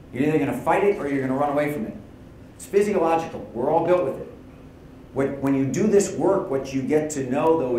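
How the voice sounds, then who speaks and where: A man's voice: medium pitch, darkish tone, slight background noise. A man giving opening remarks at a conference, telling personal stories in a candid, conversational way and acting out quoted lines. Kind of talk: personal keynote storytelling. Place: conference hall. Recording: very echoey hall.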